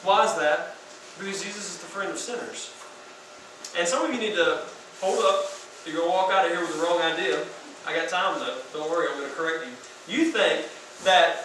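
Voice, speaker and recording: A man preaching a sermon as youth pastor in a casual, slangy, animated way, in a large room. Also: sits high, normal speed, a little hiss or hum. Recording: echoey room from far off.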